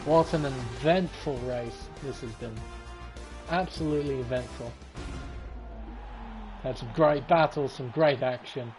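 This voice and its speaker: A man giving casual commentary on a sim-racing league race, excitable and sleepy, swearing and laughing. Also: mid-range voice, a little slow, long pauses, faint music behind. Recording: race car engine noise behind. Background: racing game car sounds.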